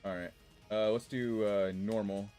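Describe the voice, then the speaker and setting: Soft background music plays as a man in his twenties, from around Washington DC and with a mixed DC-area and New York accent, reads his stream chat. His voice sits on the low side, warm and a little slow, with fairly even intonation. He rambles, chats, and laughs frequently during the casual game stream.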